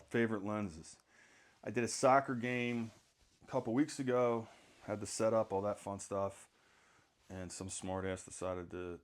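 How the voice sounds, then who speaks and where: Rambling middle-aged man, throat clearing. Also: on the low side. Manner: rambling, self-mocking, frequent throat clearing. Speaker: sports photographer. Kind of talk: casual how-to vlog.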